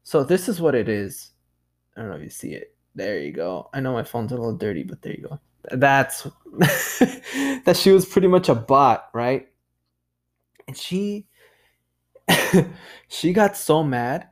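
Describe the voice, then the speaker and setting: Male podcast host, casual solo monologue, unhurried delivery, swears freely and calls everyone "dude". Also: mid-range voice, big pitch swings. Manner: loose and profane, peppered with "dude"; laughs at himself.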